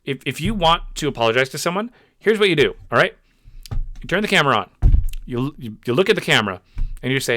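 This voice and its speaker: A young man hosting his own channel delivers an exasperated commentary rant, full of fillers and repeated words. His voice is a little high and sharp, with lively intonation, and he talks fast.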